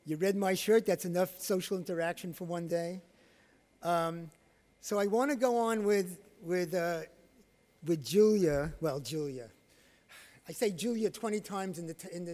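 High-voiced middle-aged man lecturing in a hall. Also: a little mellow. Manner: storytelling, acting out quoted dialogue. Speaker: conference speaker and autism therapist. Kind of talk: conference lecture with case stories. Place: conference hall. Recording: long hall reverb.

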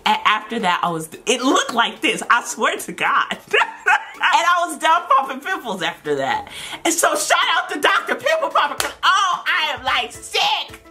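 A young woman giving sassy comic commentary over a pimple-popping game, squealing loudly in disgust. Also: sits high. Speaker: gaming vlogger.

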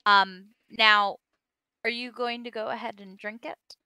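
A woman running a tabletop game as game master, narrating with many pauses and small laughs. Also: fairly high pitch, fairly even intonation, sharp tone, smooth, no room sound.

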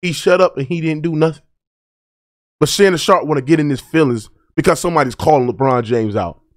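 High-voiced man ranting about sports. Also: a little fast, no room sound, studio quality. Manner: heated, preachy, repeats "right?". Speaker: sports debate host. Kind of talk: reaction commentary.

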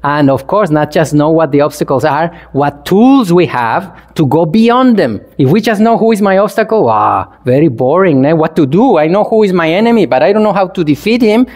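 A man's voice: fairly high pitch, lively intonation, normal speed, few pauses, darkish tone. A man, a Buddhist monk, giving a playful dharma talk to a congregation, chuckling and asking the listeners questions in non-native English. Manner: playful, chuckles often and asks the audience questions.

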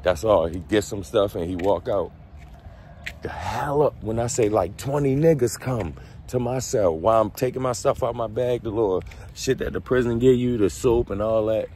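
A man telling a story casually, in a profane, slangy, animated way. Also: lowish voice, normal speed, slight background noise. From Baltimore. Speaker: vlogger.

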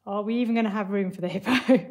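A woman teacher, explaining maths and reading a picture book aloud to young children in a clear, patient way. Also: mid-range voice, quick pace, darkish tone. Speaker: primary school teacher.

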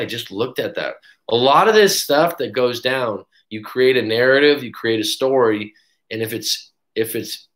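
Casual man coaching on a live stream. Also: medium pitch. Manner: casual, animated storytelling with acted quotes. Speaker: breakup coach. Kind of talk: live-stream book review talk.

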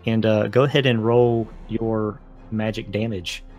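Man, game master, low voice, dramatic storytelling, music faintly behind. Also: flat delivery, a little mellow, highs cut off. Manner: descriptive, dramatic storytelling with filler pauses. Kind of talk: narrating a tabletop game.

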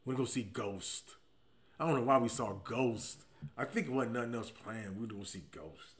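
A man in his forties telling comic stories in a slangy, profane monologue, swinging between loud emphatic bursts and low muttered asides. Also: moderate pace. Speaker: comedian. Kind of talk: comedic storytelling monologue.

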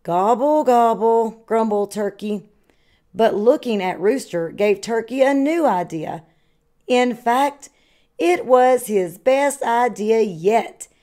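A woman reads a children's picture book aloud in the measured way of a kindergarten teacher. She takes her time over each line, her voice sitting a little high, and leans into the story's turns for effect. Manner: slow, expressive storytelling. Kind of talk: children's read-aloud narration.

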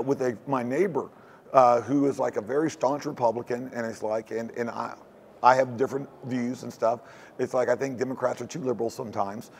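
Gravelly man, rambling talk. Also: medium pitch, darkish tone, a little hiss or hum. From Houston, Texas. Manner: rambling, looping phrasing with frequent "it's like". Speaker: guest. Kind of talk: casual conversational interview. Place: hacker convention floor.

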